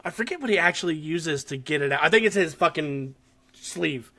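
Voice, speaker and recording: A man's voice: on the high side, a little fast. A man co-hosting a podcast, animatedly recapping a horror short in casual chat, swearing often and laughing as he tells it. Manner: animated, swears a lot, laughs while telling.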